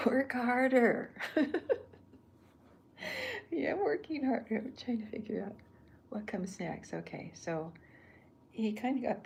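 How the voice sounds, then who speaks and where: Older lady whispering slow while she draws, whispered role-play, kinda gravelly, a bit low. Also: slight background noise. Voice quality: soft-spoken, gravelly. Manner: halting, thinks aloud while drawing. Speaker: artist.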